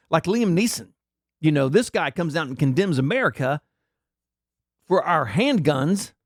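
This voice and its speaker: A man's voice: a little high, no echo, clean studio sound. A man hosting a podcast, ranting his political opinions in a blunt, mocking way and repeating himself. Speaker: podcast host.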